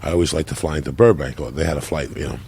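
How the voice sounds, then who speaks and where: A man who is a podcast guest, telling loud, profane stories in casual chat. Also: a bass voice, rapid-fire, vocal fry, breathy edge.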